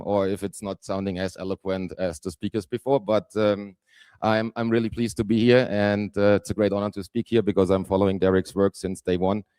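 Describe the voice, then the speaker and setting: A man in his forties from southern Germany with a German accent, giving a conference talk haltingly with lots of fillers. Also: lowish voice, warm tone, clean tone, no echo. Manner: hesitant, many fillers, self-deprecating. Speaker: guest speaker. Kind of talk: conference presentation.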